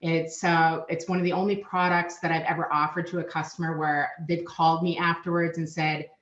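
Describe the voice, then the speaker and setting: A woman's voice: low-pitched, little pitch movement, brisk, fairly bright tone. A middle-aged woman with a Minnesotan accent, chatting upbeat as an interview guest, with lots of ums. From Minnesota, USA. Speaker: guest, payments market manager. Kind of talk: casual interview chat. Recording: echoey, dull lo-fi remote audio.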